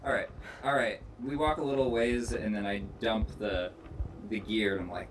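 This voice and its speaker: A man's voice: lowish voice, steady tone, moderate pace. A man playing in a tabletop game, hesitant, checking details with questions. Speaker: player. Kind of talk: casual in-character play. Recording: distant mic with loud noise.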